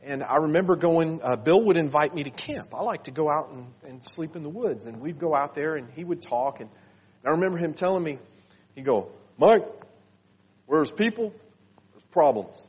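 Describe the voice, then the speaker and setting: Man, preacher, sermon, earnest, halting with fillers, dull lo-fi recording. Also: fairly high pitch, animated, breathy edge. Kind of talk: sermon to a congregation.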